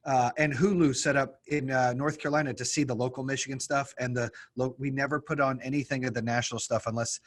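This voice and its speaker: A middle-aged man hosting a podcast, chatting casually and telling lively stories, acting out what others said. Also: mid-range voice, fast talker, hardly any pauses. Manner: animated storyteller, acts out quotes. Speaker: podcast host. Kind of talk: casual chat.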